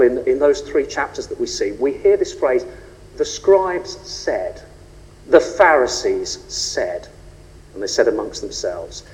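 A man preaching a sermon, rhetorical and animated, rising and falling for emphasis. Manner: animated, rhetorical, shifts pitch and pace for emphasis. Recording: long reverb of a large hall.

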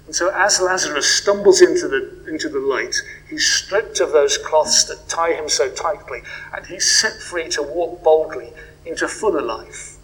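Reflective male preacher, slightly high voice. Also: low-quality recording. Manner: reflective, with swells of emphasis and hushed questions. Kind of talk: sermon.

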